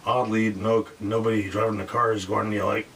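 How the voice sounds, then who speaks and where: A man's voice: on the low side, level tone, fairly quick, vocal fry, a bit bright, distant mic, a little hiss or hum. A man telling a rambling dream story casually, with lots of fillers and voices acted out.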